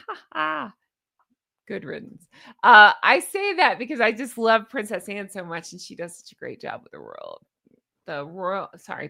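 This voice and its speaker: A woman in her forties talks straight to her viewers in a chatty, sarcastic way. She keeps doubling back and tossing in asides. Her voice sits in a middle pitch for a woman. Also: fairly bright tone. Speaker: royal commentary channel host. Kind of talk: casual chat commentary.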